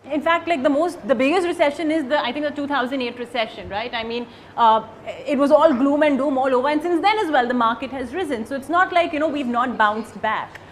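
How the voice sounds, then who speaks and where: A woman hosting a finance panel, with quick, animated interjections. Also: high-pitched, a little hiss or hum. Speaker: show host. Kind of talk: moderating a panel.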